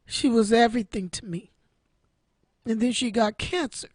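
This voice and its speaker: Lady in her 60s hosting a radio stream, fairly high voice, emotional, preachy repeats. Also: moderate pace, darkish tone, breathy edge, no echo, studio quality. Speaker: internet radio show host. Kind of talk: heartfelt personal testimony.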